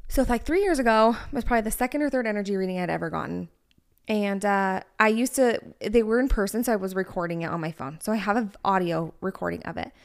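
A woman's voice: medium pitch, fast talker, creaky. A woman in her thirties co-hosting a podcast, talking candidly and personally, with lots of "like" in her casual chat. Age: 30s. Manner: chatty, heavy use of "like", candid and personal. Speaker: podcast co-host.

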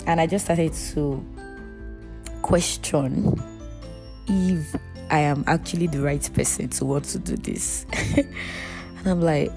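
A woman's voice: sits low, slow, creaky, long pauses, music in the background. A young woman hosting her own faith podcast, talking to listeners in a chatty, heartfelt way. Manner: chatty and heartfelt, addresses listeners as "you guys". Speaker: podcast host. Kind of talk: casual faith podcast monologue.

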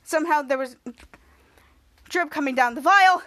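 A woman with a very high voice recaps a TV episode scene by scene for her podcast. She reads the characters' lines with extra lift and stumbles over her words now and then. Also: moderate pace, a bit bright. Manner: reads quoted lines in a livelier voice, many restarts. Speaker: podcast host.

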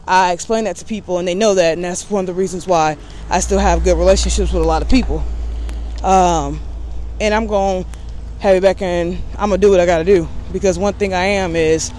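A woman's voice: lowish voice, steady tone, fairly quick, darkish tone, a little hiss or hum. A woman vlogger in casual talk to camera, candid and rambling with a sassy edge.

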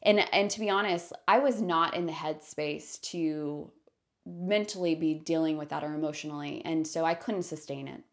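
Chatty woman podcast host, lower voice. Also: normal speed. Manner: chatty, animated, many filler "like"s and self-corrections. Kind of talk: casual personal storytelling.

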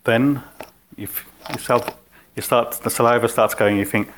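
A man's voice: medium pitch, steady tone, normal speed, fairly bright tone, a little hiss or hum. A man teaching an informal spiritual philosophy class in a conversational way, putting questions to his listeners.

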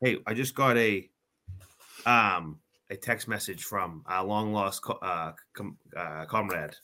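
A man's voice: fairly low pitch, slow, sharp tone. A man co-hosting a podcast in casual chat, joking, swearing freely and trailing off with fillers. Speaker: podcast co-host.

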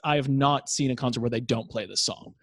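A man's voice: mid-range voice, fairly even intonation, brisk, fairly bright tone, dry recording. Man from Canada explaining, dry close sound. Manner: explanatory, fan-like detail. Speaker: podcast co-host. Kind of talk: casual chat.

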